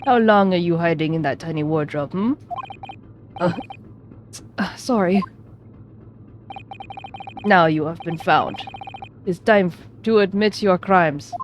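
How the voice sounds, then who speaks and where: A woman's voice: lowish voice, unhurried, pauses often, background noise, natural voice. A woman voicing a stern male foreign police interrogator in a game, drawing out menacing threats.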